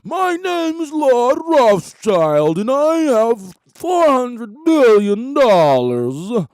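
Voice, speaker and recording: Man doing a haughty rich old-money gentleman. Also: very high voice, very animated, no room sound, voice pushed up, heavily acted. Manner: slow, drawn-out, haughty delivery. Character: condescending rich white man, arrogant, mocking.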